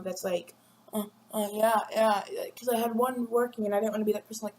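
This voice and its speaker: Teen girl vlogger, slow rambling chat, high-ish voice, room echo and faint background hum. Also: steady tone, a little mellow. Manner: rambling, giggly, acts out classmates in quick voices. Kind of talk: casual chat to camera. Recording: echoey room with faint ambience.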